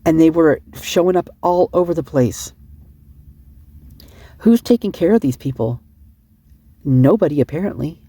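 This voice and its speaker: A woman's voice: deep voice, animated, a little slow, pauses often, mellow, slightly rough, dry recording. A middle-aged woman giving rambling, emotional casual commentary, sleep-deprived and often restarting her sentences. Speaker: online commentator.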